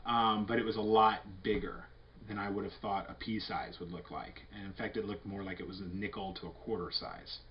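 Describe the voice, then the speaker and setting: A man's voice: lowish voice, fairly even intonation, fairly quick, dull audio, slight background noise. A man giving a casual, candid health update to a webcam, rambling through fillers and restarts in an earnest way. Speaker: vlogger.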